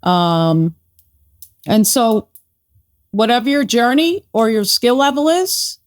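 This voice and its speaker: A woman leading a local shooting group, speaking in an earnest, supportive and steady way. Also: fairly high pitch, slow, no echo, studio quality. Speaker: shooting group chapter leader. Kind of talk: casual interview chat.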